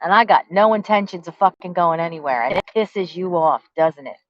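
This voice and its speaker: A woman's voice: on the low side, animated, fairly quick, muffled recording. Defiant, foul-mouthed woman ranting. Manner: profane and confrontational, heavy cursing; defiant, taunting with rhetorical questions. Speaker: vlogger. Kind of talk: angry rant to the camera.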